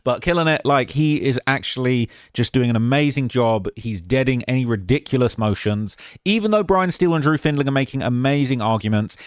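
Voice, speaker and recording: Brief: male commentator, casual and emphatic, mid-pitched voice, dry close recording. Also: dry recording. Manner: emphatic and conversational, with frequent "all right?" asides. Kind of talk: casual commentary on a court case.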